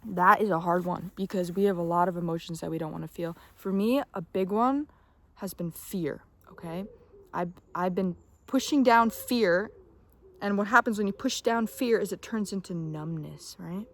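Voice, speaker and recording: A young woman with a fairly low voice speaks at a measured pace, giving casual, emphatic self-help advice straight to camera. She swears freely, sometimes drops to a whisper, and keeps checking in with "okay?"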